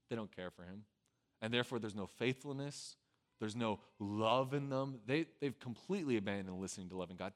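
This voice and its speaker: A man preaching a sermon, swinging from loud urgent pleading to quiet, low asides. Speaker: pastor.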